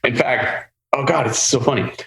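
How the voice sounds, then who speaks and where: Animated storytelling man, roomy sound. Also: medium pitch, normal speed, gravelly. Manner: animated storyteller, acts out quoted voices. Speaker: podcast host. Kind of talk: casual storytelling chat. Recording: roomy with faint ambient noise.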